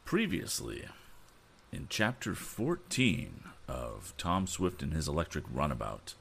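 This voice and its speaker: A man hosting a story show, reading a book aloud with relaxed, casual asides. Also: low-pitched, slow pace, creaky, breathy edge. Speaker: storyteller host.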